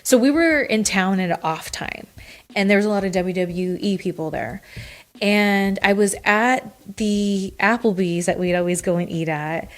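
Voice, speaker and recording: A woman guest in a casual interview, telling candid stories in an animated way, laughing often and swearing casually. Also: medium pitch, moderate pace. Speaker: guest, former wrestler.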